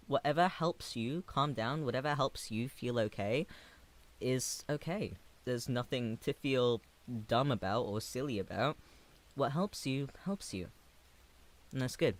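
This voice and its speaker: Reading his chat aloud, a twentysomething streamer sounds gentle and fond, stopping now and then in hesitation. His voice is mid-range.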